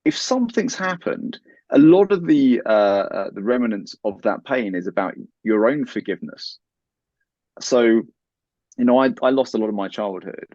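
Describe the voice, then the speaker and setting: A man's voice: medium pitch, expressive, measured pace, a little mellow, no room sound. A man talking as a guest in an interview, earnest and giving advice. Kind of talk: conversational interview. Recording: dull, lo-fi, dry sound.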